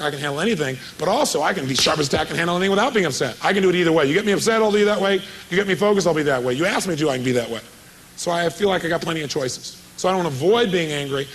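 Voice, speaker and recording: Man, motivational seminar speaker, slightly high-pitched, energetic storytelling, faint room hum. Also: low-quality recording. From California. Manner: energetic storytelling, quizzing the audience. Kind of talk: live seminar talk to an audience. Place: seminar hall with audience.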